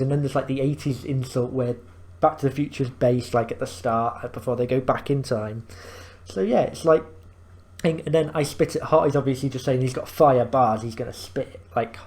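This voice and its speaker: A man's voice: mid-range voice, darkish tone. A man hosting a reaction video, explaining things in rambling casual commentary full of fillers and restarts.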